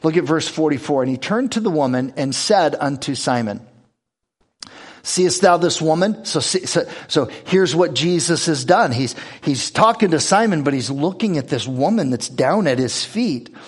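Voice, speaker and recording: A man's voice: fairly high pitch, lively intonation, moderate pace, slightly rough. A man preaching a sermon, reading scripture aloud and explaining it in a conversational way with rhetorical questions. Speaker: pastor.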